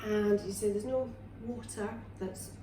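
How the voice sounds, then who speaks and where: A woman's voice: mid-range voice, fairly even intonation, measured pace, background noise. A woman with a Scottish accent casually walks through a cooking demonstration in her home kitchen. She talks in a chatty, rambling way, with fillers and restarts. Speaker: wellness vlogger. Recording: roomy, distant, with clattering kitchenware. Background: clinks of dishes, cutlery and pans.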